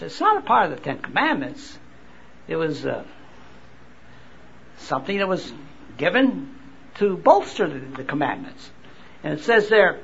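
A man preaching a sermon at a convention, reading scripture and explaining it slowly, often repeating and restarting words. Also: high voice, creaky, pushed and bright, dull audio, a little hiss or hum. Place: convention hall.

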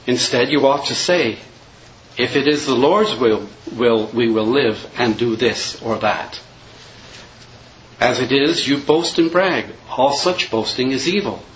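A man preaching a sermon in a measured, earnest way, reading and quoting scripture verses. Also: medium pitch, a bit bright, muffled recording, a little hiss or hum.

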